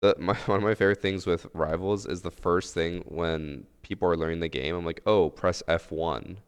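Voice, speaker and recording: A man's voice: low-pitched, level tone, a little fast, smooth. A man streaming games live, talking in a laid-back, rambling way full of fillers. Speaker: game streamer. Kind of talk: casual live-stream chat. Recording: long room reverb.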